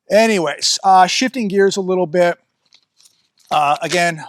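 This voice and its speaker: A man's voice: fairly high pitch, moderate pace, no room sound. A man vlogging outdoors on a rural ranch, rambling bluntly and breaking off to scold his dog. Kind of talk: casual outdoor commentary. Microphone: phone or camera he adjusts himself.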